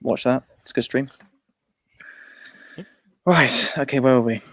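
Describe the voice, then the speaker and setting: A young man, hosting a casual live stream and reading comments aloud in a quick, wry way. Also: mid-range voice, a bit bright.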